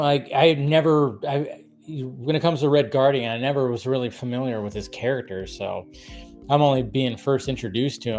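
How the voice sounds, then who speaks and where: Man, livestream host, casual rambling chat, mid pitch, faint music underneath. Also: a little mellow. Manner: rambling, repeats himself, many fillers. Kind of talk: casual live-stream chat.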